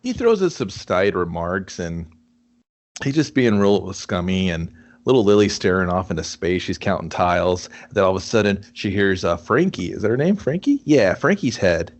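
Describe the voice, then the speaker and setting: A man's voice: low voice, big pitch swings, normal speed. A man co-hosting a casual movie review podcast, joking crudely and slipping into mock voices as he recaps the plot. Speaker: podcast co-host.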